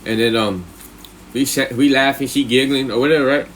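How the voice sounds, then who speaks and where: A man telling a story casually on a live stream, full of slang and swearing, who often checks in with the listener and jumps much higher when he quotes himself. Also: steady tone, fairly quick, fairly bright tone, slight background noise. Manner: profane, slang-heavy, rambling with filler questions.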